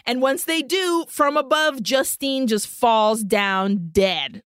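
A woman with a fairly high voice retells a film's plot, acting out each character as she goes. She switches between English and in the middle of a story. The sound is dry and close. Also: slow, fairly bright tone, clear, resonant tone, no room sound. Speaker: podcast co-host recapping a film. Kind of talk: casual comedic film recap.

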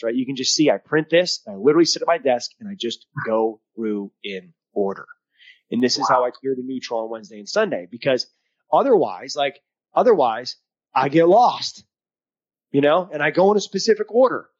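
Male co-host, mental coach, emphatic and upbeat, lo-fi call recording. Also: fairly high pitch. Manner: energetic, emphatic, coaching tone with quoted asides. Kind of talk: casual podcast chat.

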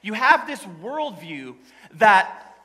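A man's voice: high-pitched, very animated, takes it slowly, pushed and bright, low-quality recording. A man preaching a sermon to his congregation, telling stories in a humorous, conversational way. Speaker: pastor. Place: church service before a congregation.

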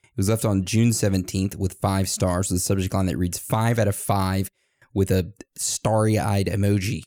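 A man's voice: low-pitched, little pitch movement, normal speed, warm tone, no echo, studio quality. A man co-hosting a podcast, reading listener reviews aloud in a casual, joking way and going off on playful tangents. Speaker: podcast co-host.

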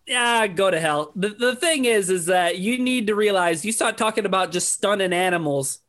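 A young man with a high voice who jokes in a dry, mock-exasperated way. He co-hosts a sports betting podcast and reads out stats with deadpan gravity. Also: moderate pace. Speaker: podcast co-host. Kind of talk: joking sports betting banter.

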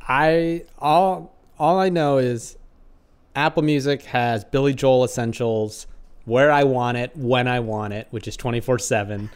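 A man's voice: medium pitch, steady tone, unhurried, smooth. A man making dry wisecracks in casual podcast chat. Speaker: podcast co-host.

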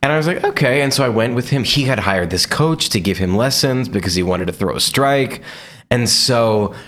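A man's voice: medium pitch, lively intonation, normal speed, fairly bright tone. A man in his thirties, a podcast guest telling a story with lots of restarts and acted quotes. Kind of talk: casual chat.

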